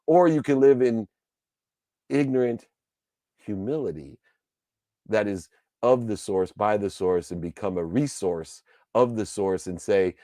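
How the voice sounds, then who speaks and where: Male motivational speaker, emphatic and preachy, with a mellow mid-range voice. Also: on the low side, measured pace, pauses often, no room sound, studio quality. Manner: emphatic and preachy, with repetitive lists. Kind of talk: motivational speech.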